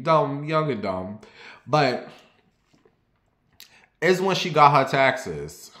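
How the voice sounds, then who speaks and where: A young man chatting candidly to his viewers, confiding and rambling, then lively and sassy when he tells a story. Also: mid-range voice. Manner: turns lively and sassy when telling stories. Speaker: vlogger. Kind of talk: casual personal chat to camera. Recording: roomy echo.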